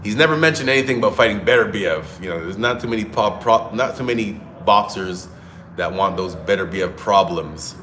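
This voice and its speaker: A man's voice: fairly low pitch, animated, brisk, sharp tone, a little hiss or hum. A man hosting casual solo boxing commentary, talking in a conversational, opinionated way and thinking aloud. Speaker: boxing commentator, show host.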